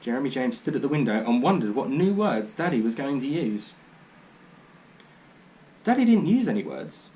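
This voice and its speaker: Wry, animated male storyteller. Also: mid-range voice, normal speed, long pauses, slight background noise, poor audio. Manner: dry, wry narration. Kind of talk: reading a children's book aloud.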